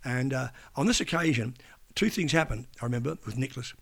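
A man's voice: mid-range voice, animated, fast, gravelly. An older man, a veteran broadcaster, telling rambling anecdotes in a casual interview, breaking into imitations of people he met. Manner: rambling, restarts sentences, mimics people in quotes.

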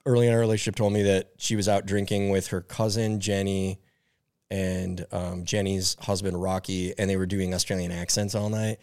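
A man's voice: low-pitched, level tone, moderate pace, a little mellow, clean tone. A man co-hosting a podcast, sharing wry anecdotes in casual chat. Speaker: podcast host.

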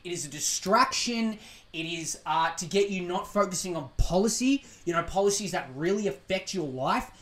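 A man's voice: high-pitched, expressive, moderate pace, fairly bright tone. A man with an Australian accent hosting a podcast, delivering a profane, sarcastic, rambling monologue. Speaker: podcast host. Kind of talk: casual ranting monologue. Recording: echoey room.

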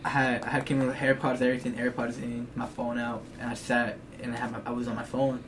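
A man's voice: medium pitch, monotone, fast talker. A teenage man in casual chat, telling rambling stories in heavy slang. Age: teens. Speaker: co-host. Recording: distant mic with background hiss.

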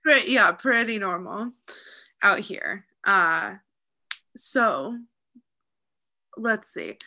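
A woman with a light Midwestern accent talks casually on a podcast and gives her opinions bluntly. Her voice is bright and forward, with a sharp edge. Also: mid-range voice, expressive, very slow, vocal fry. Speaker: podcast co-host. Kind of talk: casual chat.

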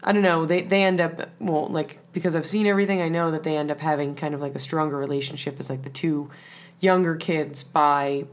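A woman's voice: low voice, steady tone, a little fast. A woman co-hosting a podcast, recapping an episode in casual, rambling chat with lots of filler words. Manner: chatty, rambling, many "like" fillers. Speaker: podcast co-host.

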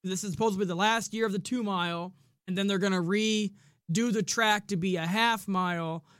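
A man's voice: high voice, steady tone, normal speed, a bit bright, smooth, no echo, studio quality. A man co-hosting a racing podcast in casual chat, blunt and rambling, swearing freely. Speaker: podcast co-host.

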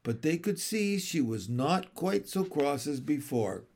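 A man narrating a children's storybook, measured and expressive. His voice is a little high and moves through a wide, lively range. He reads slowly and deliberately. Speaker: audiobook reader.

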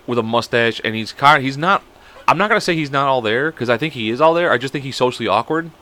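Young man, casual storyteller, quick and bright, swears a lot. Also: medium pitch, animated. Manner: rambling, profane, acts out quoted people. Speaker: podcast co-host.

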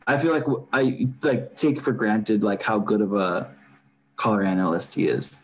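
A man's voice: fairly low pitch, expressive, moderate pace, a little hiss or hum, poor audio. A man co-hosting a podcast, chatting casually about baseball in a rambling, filler-heavy way. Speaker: podcast co-host. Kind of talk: casual sports chat.

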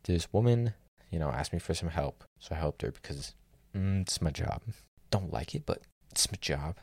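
A young man with a very low voice that has a gravelly rasp running through it. He tells his stories in an exasperated, sardonic tone and swears without hesitation. The sound is close and dry. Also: animated, moderate pace, darkish tone, no echo. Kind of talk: casual storytelling rant.

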